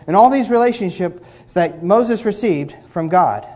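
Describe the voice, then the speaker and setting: A male pastor preaching a sermon, emphatic, swinging between loud stresses and quiet asides, with a mocking edge. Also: high voice, expressive, a little slow, hardly any pauses. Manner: mocks complainers with blah-blah asides.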